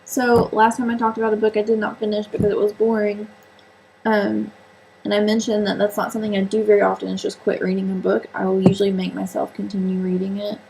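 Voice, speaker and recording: A woman's voice: mid-range voice, level tone, quick pace, gravelly, a little mellow, slightly rough, low-quality recording. A woman chatting casually on her own vlog about sewing and books, rambling and joking at her own expense with lots of fillers. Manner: chatty, rambling, self-mocking, many fillers. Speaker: book and sewing vlogger. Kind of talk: casual solo vlog chat.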